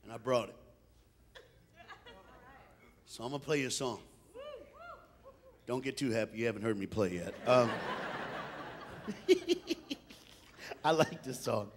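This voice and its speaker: A preacher telling a funny story in a sermon, playful, laughing often and animated. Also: male voice, medium pitch, moderate pace, pauses often, a crowd in the background.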